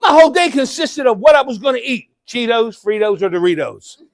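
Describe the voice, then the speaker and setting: Keynote speaker, middle-aged man, high voice, dry close sound, calls out and shouts to the room. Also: a little fast, no echo. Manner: animated, calls out to the crowd, bursts into shouting. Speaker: motivational speaker. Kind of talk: live keynote speech to an audience. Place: conference event room.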